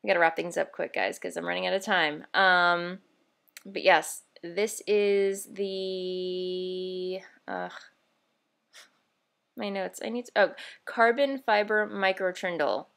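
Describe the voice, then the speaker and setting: Speaking slowly in a fairly low, creaky voice, this woman runs a knitting video podcast. It's a show-and-tell vlog full of bubbly, easily excited chatter, with rambling, filler words and moments where she corrects herself.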